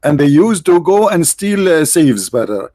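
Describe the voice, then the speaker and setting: A man's voice: on the high side, very animated, normal speed, warm tone, dry recording. Sarcastic man with a tired voice. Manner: sarcastic, mocking, rhetorical questions. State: tired voice, clearing throat. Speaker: online show host. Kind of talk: mocking live-stream commentary.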